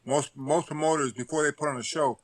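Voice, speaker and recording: A man's voice: fairly high pitch, fairly even intonation, fairly quick. An older man, a boxing coach, talking casually on a talk show, rambling and repeating words as he goes.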